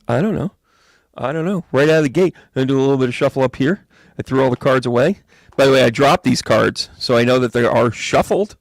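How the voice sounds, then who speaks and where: A man giving a live astrology and tarot reading in a chatty, rambling, jokey way with bursts of excitement. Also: medium pitch, fast talker, no room sound. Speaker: psychic medium reading tarot.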